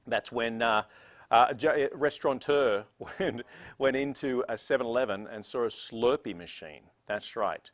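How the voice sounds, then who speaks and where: A man's voice: mid-range voice, normal speed. An Australian man emceeing a gala with playful, jokey showman banter.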